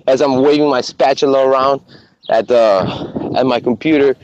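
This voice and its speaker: A man on a podcast telling stories in casual chat, animated and swearing a lot. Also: medium pitch, normal speed, no echo. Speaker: podcast co-host. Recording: muffled lo-fi recording with faint noise.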